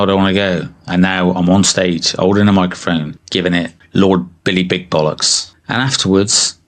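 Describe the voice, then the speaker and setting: Bloke about 50, deep voice, confessional vlog, blunt and swears a lot. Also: male voice, fairly bright tone. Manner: candid and emotional, swears freely. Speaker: weight-loss vlogger. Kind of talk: confessional monologue to camera.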